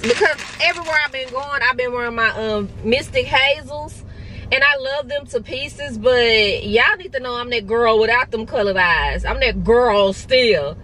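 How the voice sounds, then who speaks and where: A young woman, talking to a handheld phone camera in an animated, outspoken vlog, cursing freely. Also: fairly high pitch, normal speed. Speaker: vlogger. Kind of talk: casual vlog chat. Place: in stores and a car. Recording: background noise from stores and car. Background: store and car noise.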